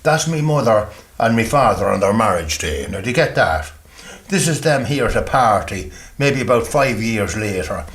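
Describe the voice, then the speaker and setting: Rambling older Irish farmer, lively pitch. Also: male voice, moderate pace. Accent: Irish, rural Meath. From Ireland. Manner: rambling, chatty, folksy storytelling. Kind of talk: casual documentary talk. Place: farmhouse, indoors.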